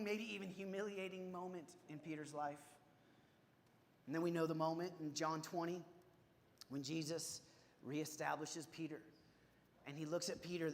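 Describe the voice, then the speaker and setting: A man preaching a sermon in a relaxed, conversational way, with frequent restarts and acted-out quotes that build in intensity. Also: high-pitched, vocal fry. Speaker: pastor. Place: church sanctuary. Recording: church sanctuary reverb.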